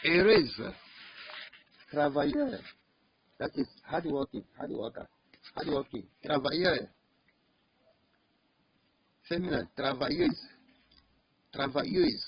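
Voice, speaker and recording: Husky man teaching slowly with repetition. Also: on the high side, animated, no echo. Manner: slow, repeats each word several times. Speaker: French teacher. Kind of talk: online language lesson. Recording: dull lo-fi recording.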